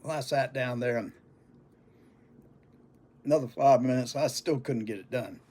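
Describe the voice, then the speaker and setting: An older man spinning a folksy childhood tale, his voice husky and breathy at middle pitch. He tells it in an easy, unhurried, homespun manner. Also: dark tone. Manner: folksy, unhurried, chuckling between lines. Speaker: storyteller. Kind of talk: casual oral storytelling.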